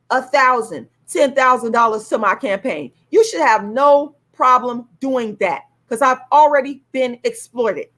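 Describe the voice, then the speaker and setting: A woman talks on her livestream in a heated, indignant way, swearing freely and circling back to the same points. Her voice sits a little high for a woman. She sounds like she is speaking into a computer mic. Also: fairly bright tone. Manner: heated, indignant, profane, repeats herself. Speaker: YouTube live streamer promoting her own play. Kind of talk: angry livestream rant, then ticket promotion.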